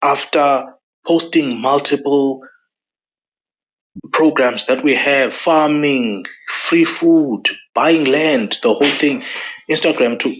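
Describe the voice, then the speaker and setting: A man delivers a heated political monologue. He hammers each point by saying it again and again. His voice sits in a middle register, and the recording sounds dull and lo-fi. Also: medium pitch. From South Africa. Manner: forceful, repeats lines for emphasis. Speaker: political commentator. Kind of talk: angry monologue to camera.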